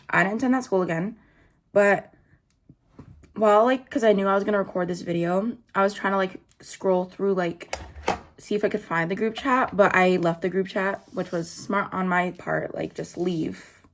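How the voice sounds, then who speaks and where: A woman's voice: mid-range voice, expressive, normal speed. Chatty young woman telling a storytime. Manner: casual, chatty, swears freely, acts out quotes. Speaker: vlogger. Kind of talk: storytime chat while doing makeup.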